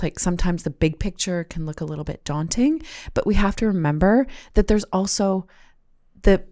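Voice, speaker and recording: Lowish-voiced woman hosting a podcast, upbeat and chatty. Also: gravelly, darkish tone. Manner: upbeat, friendly, filler-heavy. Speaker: podcast host. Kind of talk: casual podcast interview.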